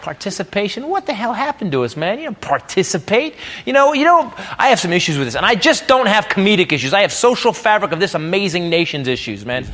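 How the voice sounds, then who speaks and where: Fast, very animated and high-voiced, a man performs crude stand-up on a comedy club stage, ranting brashly at the live audience. The live club recording has a long reverb tail and loud crowd noise.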